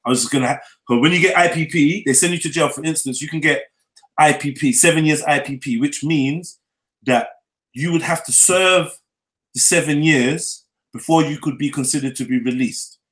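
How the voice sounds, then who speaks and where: A man's voice: a little high, moderate pace, a bit bright. Man in an echoey room. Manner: loose London street slang, frequent "you get me?" tag. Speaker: vlogger telling his life story. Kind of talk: casual storytelling.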